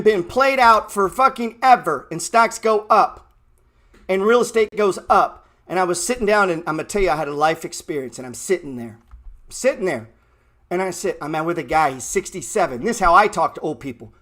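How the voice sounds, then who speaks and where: A man's voice: sits high, expressive, a little fast, a bit bright. Brash, blunt man ranting. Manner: blunt, brash and mocking, heavy swearing. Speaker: trading show host. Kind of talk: profane motivational rant.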